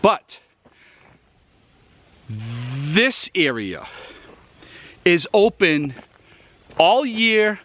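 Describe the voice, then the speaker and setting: A man's voice: a little high, big pitch swings, extremely slow, pauses often, a bit bright. A man with a Massachusetts accent, chatting casually to viewers while out of breath on a woodland hike outdoors. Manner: rambling, chatty, addresses viewers directly. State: out of breath from hiking. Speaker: outdoor gear vlogger. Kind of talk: casual rambling tour while hiking. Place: outdoors in the woods.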